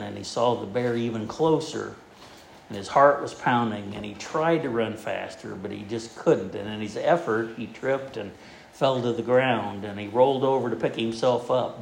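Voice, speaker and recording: Folksy gravelly-voiced male preacher. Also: medium pitch, a little mellow, echoey room, slight background noise, poor audio. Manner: folksy, halting, many fillers and restarts. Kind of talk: sermon with a told joke.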